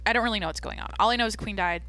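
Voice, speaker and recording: A young woman hosting her own podcast, chatting casually in a rambling, jokey way with lots of fillers and a deadpan streak. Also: mid-range voice, very fast. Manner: self-described deadpan. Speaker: podcast host. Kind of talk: casual solo podcast chat.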